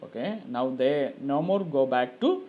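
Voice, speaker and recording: A man's voice: medium pitch, expressive, a little slow, phone-quality sound. A male teacher with an Indian English accent, reading a textbook aloud and explaining it line by line with many fillers. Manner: reads a sentence, then paraphrases it with many fillers.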